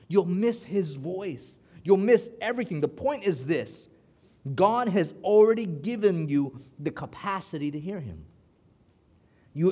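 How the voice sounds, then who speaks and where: Animated preaching man, fairly high voice. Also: husky. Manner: animated storytelling, rising pitch and volume at dramatic moments. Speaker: pastor. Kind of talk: sermon with personal story.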